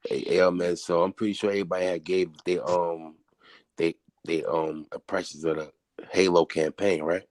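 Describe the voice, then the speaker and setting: A man's voice: sits low, level tone, moderate pace, a little mellow, no room sound. A man chatting on a podcast in a laid-back, slangy, profane way. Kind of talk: casual chat.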